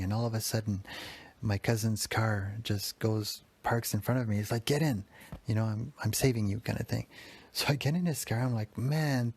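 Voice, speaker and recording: Candid man telling his dreams, low voice. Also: darkish tone, no echo. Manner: rambling, candid, with frequent restarts and fillers; acts out quoted dialogue with pitch jumps. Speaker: podcast host. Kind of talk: casual personal storytelling.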